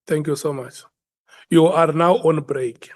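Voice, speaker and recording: A man's voice: fairly high pitch, fairly even intonation, unhurried, no room sound. A man chairing a parliamentary hearing, hesitant and often repeating words as he restarts. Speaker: committee chair.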